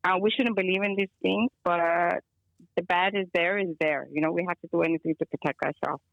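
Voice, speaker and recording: Woman, gravelly, chatty rambling storyteller, lots of fillers, dull lo-fi call audio. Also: on the low side, steady tone, brisk, dry recording. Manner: rambling, filler-heavy, mixes in Spanish phrases. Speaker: guest caller. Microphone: phone or video call.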